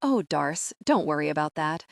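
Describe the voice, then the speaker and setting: A woman's voice: sits low, lively intonation, moderate pace, gravelly, no room sound, clean studio sound. A woman voicing a young male hockey player who talks in a light, casual, reassuring way.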